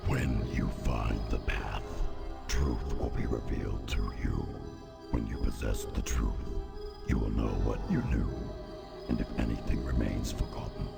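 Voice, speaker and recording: A man voicing a sinister, cryptic figure in a lodge, speaking slowly in a deep gravelly whisper. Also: steady tone, over loud music, exaggerated voice. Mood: ominous. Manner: slow, ominous, riddling.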